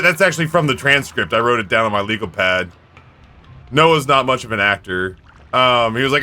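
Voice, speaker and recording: A man's voice: mid-range voice, pushed and bright, soft background music. A man streaming live, telling stories in a rambling, candid way. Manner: rambling, candid storytelling with quick impressions. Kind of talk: casual chat.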